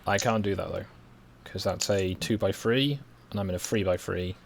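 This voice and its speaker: A young man with a West Midlands accent chats through a game, thinking aloud with dry, self-mocking humor. His voice sits fairly low, with a faint hum of noise behind him. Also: normal speed, vocal fry. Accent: West Midlands English. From West Midlands, England. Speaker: streamer playing a game. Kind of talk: casual gameplay commentary.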